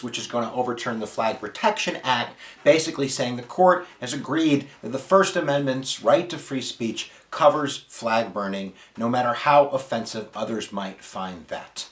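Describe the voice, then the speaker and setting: A man hosting an energetic video lecture on history, talking straight to his viewers in an animated way. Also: mid-range voice, moderate pace, hardly any pauses, echoey room. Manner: animated, addresses viewers directly. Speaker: history teacher and channel host.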